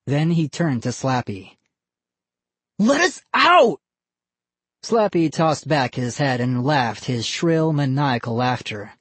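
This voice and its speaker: A narrator reading a scary children's story in measured, even storytelling. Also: mid-range voice, husky, dry recording. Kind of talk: scripted audiobook narration.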